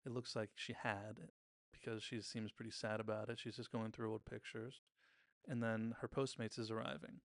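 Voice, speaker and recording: Male podcast host, gravelly voice, chatty TV-recap delivery, dry close mic. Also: lowish voice, flat delivery, moderate pace, no echo. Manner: chatty, retells scenes by briefly mimicking characters' lines. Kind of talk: casual episode recap commentary.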